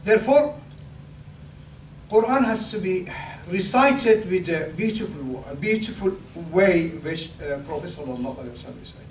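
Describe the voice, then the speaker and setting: A man's voice: sits high, lively intonation. Older man preaching in an echoey hall. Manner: halting, repeats words and restarts, rises for emphasis. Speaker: imam. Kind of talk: pre-sermon talk. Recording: echoey hall, distant mic, faint hum.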